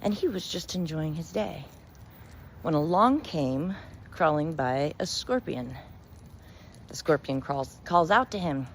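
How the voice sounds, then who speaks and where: A woman storyteller and spiritual reader, telling a fable and reflecting on it in a measured, gentle way. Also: sits low, animated, a little hiss or hum.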